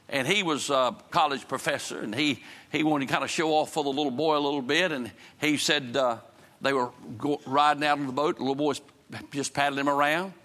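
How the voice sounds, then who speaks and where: A man's voice: on the high side, pushed and bright. A man preaching a sermon, moving from folksy storytelling to fervent preaching and prayer. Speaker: pastor.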